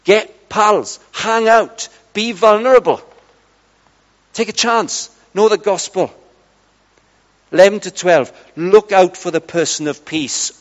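A middle-aged man preaching, telling lively stories and acting out conversations with his mates. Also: high voice, measured pace. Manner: lively, chatty, acts out dialogue with friends. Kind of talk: storytelling sermon. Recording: dull sound in a large reverberant hall.

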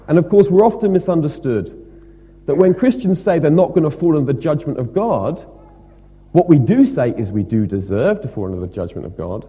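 A man preaching a sermon, emphatic and rhetorical, moving between loud stressed points and quieter asides. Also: a little high, very animated, brisk, breathy edge, muffled recording. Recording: long reverb of a hall.

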